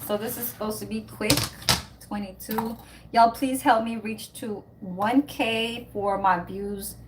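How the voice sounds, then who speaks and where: A woman's voice: on the high side, steady tone, unhurried. Chatty woman hosting a noisy cooking livestream. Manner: chatty, talks to viewers as "y'all", swears casually. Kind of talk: casual livestream chat. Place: home kitchen, then outdoors.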